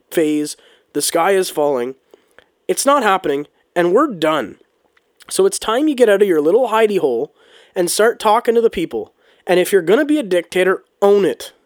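A political commentator with a voice that sits high rants heatedly in a casual opinion monologue on politics, swearing often. He keeps restarting sentences and saying "um"; the recording is dry and studio quality.

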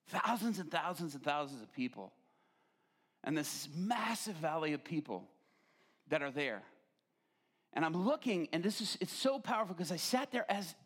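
Animated male pastor telling a story. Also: on the high side. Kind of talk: sermon storytelling.

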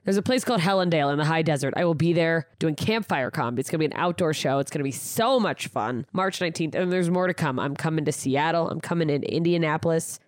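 A woman's voice: low-pitched, fast talker, few pauses, no room sound, studio quality. Rambling, swearing woman podcast host. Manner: rambling, self-deprecating, swears casually. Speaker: podcast host and stand-up comedian. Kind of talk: casual podcast chat. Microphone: studio microphone.

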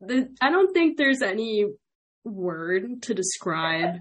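A woman's voice: medium pitch, sing-song, slow pace, a little hiss or hum. A young woman hosting a podcast, chatting in a bubbly, rambling way and laughing often. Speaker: podcast host. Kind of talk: casual interview chat.

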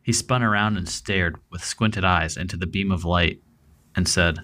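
Deep voiced guy doing true crime narration, bright tone, kinda rambly when he chats. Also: normal speed. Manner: relaxed, thinking aloud with fillers. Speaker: podcast co-host.

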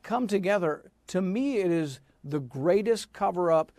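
High-voiced emphatic man, dry sound. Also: unhurried, dry recording. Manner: emphatic, animated storytelling. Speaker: senator, interview guest. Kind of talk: interview answer.

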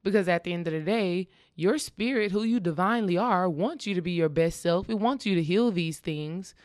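A woman's voice: fairly low pitch, moderate pace, dry recording, studio quality. A woman in casual conversation, earnestly sharing her own experience and coaching the listener, often checking in with "okay?". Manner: acts out quoted dialogue in lively voices.

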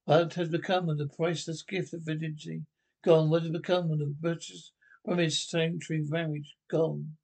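A man's voice: fairly high pitch, flat delivery, normal speed, creaky, a little mellow. An actor playing an eighteenth-century village rector who scolds his congregation in a mock-righteous sermon, in a comic period film. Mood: scolding. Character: 18th-century village rector, stern preaching man.

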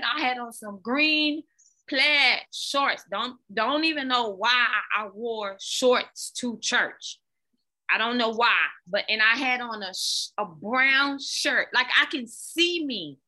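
A woman guest, a fitness coach, telling her own story candidly, animated and often repeating words. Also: sits high, takes it slowly. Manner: animated, repeats words, talks to listeners as "y'all".

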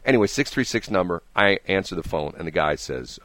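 A man's voice: sits low, lively intonation, a little fast, a bit bright, no room sound. A man hosting a radio morning show, telling rambling, jokey stories in casual on-air banter and often repeating his words. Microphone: studio microphone.

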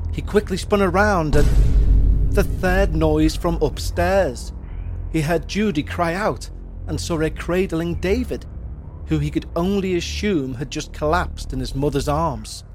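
A man narrating a paranormal horror story in a steady, measured way. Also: fairly high pitch. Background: faint music.

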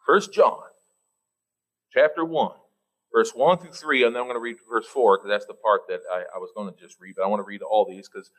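A man preaching a sermon, teasing his listeners and climbing high in pitch for emphasis, then slowing right down to read scripture. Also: fairly even intonation, poor audio. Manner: reads scripture slowly and deliberately.

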